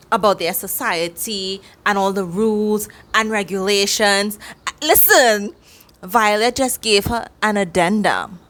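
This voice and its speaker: A woman reviewing a book in a casual reading vlog, chatty and excitable, cheering out loud as she talks. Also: mid-range voice.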